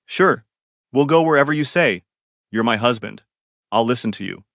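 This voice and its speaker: A man's voice: mid-range voice, expressive, normal speed, gravelly, a bit bright, no room sound, clean studio sound. A man voicing a confident young bride who teases her new husband in a storybook reading. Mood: teasing. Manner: teasing, confident.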